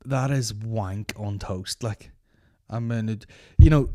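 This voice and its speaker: Sweary comedy podcast host. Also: male voice, fairly low pitch, slow pace. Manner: profane, animated, mocking.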